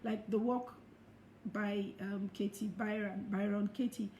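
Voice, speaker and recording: A middle-aged woman giving a motivational talk as a life coach, expressive and laughing often as she acts out quoted thoughts. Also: mid-range voice, unhurried. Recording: echoey room with faint noise.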